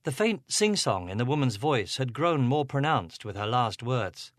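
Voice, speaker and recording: Expressive man narrating an audiobook. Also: mid-range voice, moderate pace, no echo, clean studio sound. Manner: expressive, voices each character.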